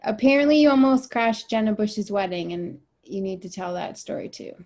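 A woman's voice: mid-range voice, lively intonation, moderate pace, a little mellow. A woman co-hosting a podcast in casual chat, talking in a loose, teasing way with a lot of "like.". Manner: chatty, teasing, says "like" a lot. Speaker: podcast co-host.

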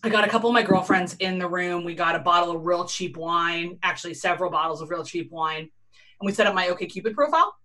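A woman's voice: lowish voice, fast, sharp tone. A woman, co-hosting a casual chat over a call with wry quips and plenty of swearing. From Philadelphia, US. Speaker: podcast co-host. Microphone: remote call recording.

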